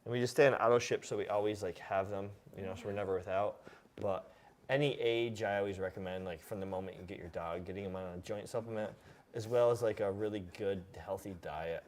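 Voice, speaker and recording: A man in his thirties hosting a casual live stream, relaxed and rambling as he reads viewer questions aloud and answers them. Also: fairly low pitch, a little fast. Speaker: host.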